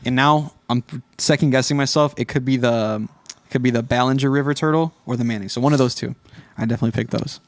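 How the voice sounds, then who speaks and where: Podcast co-host dude, lots of um and like, second-guessing himself, dry close mic. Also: male voice, mid-range voice, quick pace, no echo. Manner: hesitant, many fillers and self-corrections. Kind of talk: casual podcast chat.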